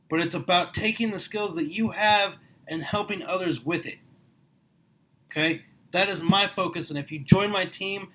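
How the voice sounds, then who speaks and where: A middle-aged man giving a passionate motivational talk to the camera, his voice rising and getting louder as he gets worked up. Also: high-pitched, rough recording. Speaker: small business owner recruiting for network marketing. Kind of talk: motivational vlog monologue.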